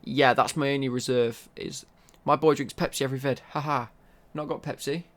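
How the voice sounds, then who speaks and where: A man's voice: medium pitch, steady tone, fairly quick. A young man chatting casually on a live stream while he plays, bantering and answering his chat.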